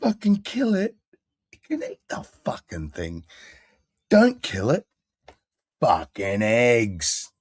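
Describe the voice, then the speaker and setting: A man putting on a crude, boastful farmer who swears, shouts and drops into hushed asides. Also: medium pitch, huge pitch swings, takes it slowly, long pauses, breathy edge, no room sound, studio quality, voice pushed up, exaggerated voice. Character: crude boastful male farmer flashing cash.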